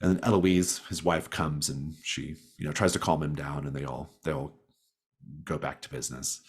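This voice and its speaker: A man's voice: very deep voice, steady tone, moderate pace, breathy edge. A man narrating as game master in a playful, hesitant way. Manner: hesitant, playful, many restarts.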